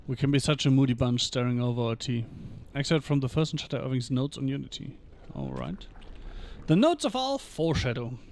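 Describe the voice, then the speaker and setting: A man streaming a video game reads in-game lore texts aloud evenly, tossing in short, dry asides between passages. His medium-pitched voice moves briskly with vocal fry and few pauses.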